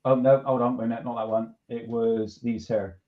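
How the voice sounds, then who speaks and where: A man's voice: medium pitch, little pitch movement, fairly quick. Laid-back man, lo-fi. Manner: laid-back, chuckling, restarts a lot. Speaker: podcast host. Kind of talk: casual chat. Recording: dull lo-fi sound.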